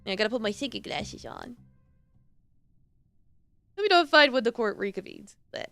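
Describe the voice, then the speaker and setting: A woman's voice: fairly high pitch, expressive, moderate pace, gravelly, pauses often, bright, forceful tone, faint music behind. A woman streamer chatting playfully through a live game playthrough, often laughing and reacting to the dialogue.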